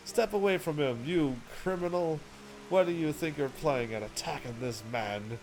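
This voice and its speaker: A man's voice: on the high side, moderate pace, a little mellow, close to an everyday voice. A man voicing an earnest adventurer, reading the lines aloud in a plain, everyday voice. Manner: read aloud plainly from game text.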